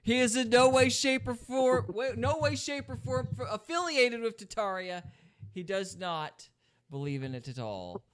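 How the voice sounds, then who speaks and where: Upbeat joking guy hosting a podcast, bright voice, laughs a lot. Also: extremely high pitch, lively intonation, moderate pace, clear, resonant tone. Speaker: podcast host. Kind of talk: casual podcast chat.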